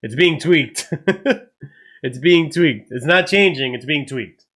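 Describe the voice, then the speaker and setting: Excitable swearing streamer man. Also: on the high side, takes it slowly. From United States. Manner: excitable, swears a lot, loud outbursts at goals. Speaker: watchalong streamer. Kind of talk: live match reaction stream.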